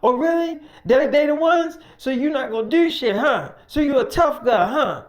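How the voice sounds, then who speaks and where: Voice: sits high, expressive, moderate pace, voice pushed up. A performer voicing a ruthless survivor boss. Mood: menacing. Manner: profane, threatening, barking orders. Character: ruthless male survivor boss, cruel and domineering. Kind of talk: improvised storytelling with voices.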